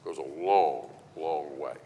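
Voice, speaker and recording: A man's voice: very deep voice, takes it slowly, muffled recording, a little hiss or hum. A middle-aged man preaching a sermon on parenting, telling stories and acting out the voices in them. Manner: animated storytelling, acting out quoted voices. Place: church hall. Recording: reverberant hall, faint ambience.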